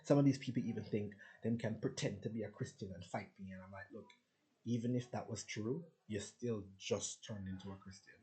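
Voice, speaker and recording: A spiritual vlogger with a lowish, mellow voice speaks briskly to his viewers. His casual monologue is a rambling, boastful, profane rant.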